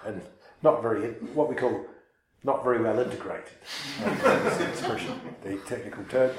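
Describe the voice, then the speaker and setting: A man's voice: medium pitch, moderate pace, crowd noise. A man telling a personal story to listeners in a rambling, self-mocking way. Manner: rambling, self-mocking, many fillers and restarts. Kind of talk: casual storytelling talk. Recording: echoey room.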